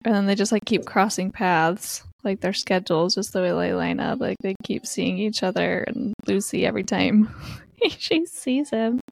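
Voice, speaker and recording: A woman's voice: mid-range voice, moderate pace, vocal fry, no room sound. A woman casually recapping a novel with a friend, chatty and laughing as she retells scenes. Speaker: book discussion co-host.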